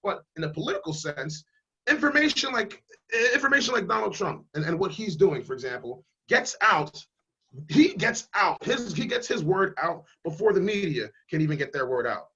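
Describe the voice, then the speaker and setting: A man's voice: high voice, big pitch swings, normal speed, pushed and bright, husky, muffled recording. A man running for Congress who speaks emphatically and bluntly in a casual interview over a video call. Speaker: congressional candidate.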